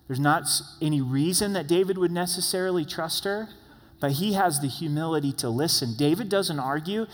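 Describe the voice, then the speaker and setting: A man preaching a sermon as pastor, animated and exhorting the congregation directly in a church. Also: on the high side. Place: church sanctuary. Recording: long hall reverb.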